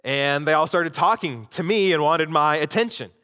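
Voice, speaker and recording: A man pastor preaching a sermon, swinging between loud emphasis and hushed asides. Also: fairly high pitch, expressive, moderate pace, smooth, big-room sound.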